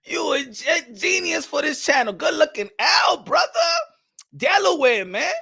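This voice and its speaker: Brash male host, high bright voice, loud and profane, jokey. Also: sing-song, unhurried, creaky. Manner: loud, profane, laughing, playful. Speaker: boxing channel host. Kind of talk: casual livestream commentary.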